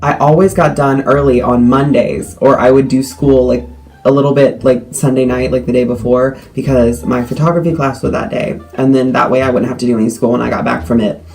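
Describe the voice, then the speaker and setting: A teenage boy telling a story to the camera in a rambling way, full of "like" and quick asides. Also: mid-range voice, creaky, soft background music, low-quality recording. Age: teens. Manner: rambling with many likes, animated retelling. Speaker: vlogger.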